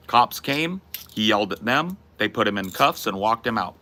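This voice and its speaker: Brief: low male streamer, blunt and profane, forceful edge. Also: lively intonation, moderate pace, few pauses, slight background noise. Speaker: streamer host. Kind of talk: casual chat answering viewers.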